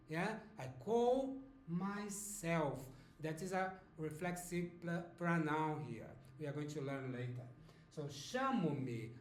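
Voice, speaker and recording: A man's voice: high-pitched, darkish tone, reverberant. A man in his fifties from Brazil with a Brazilian Portuguese accent, teaching a beginner language lesson patiently. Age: 50s. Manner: slow, patient, checks in with "okay?".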